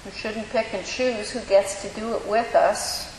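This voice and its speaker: A woman pastor delivering a sermon, measured and reflective, pausing slowly for emphasis. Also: medium pitch, fairly even intonation, darkish tone. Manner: measured, reflective preaching with slow emphatic pauses. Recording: echoey hall with faint hiss.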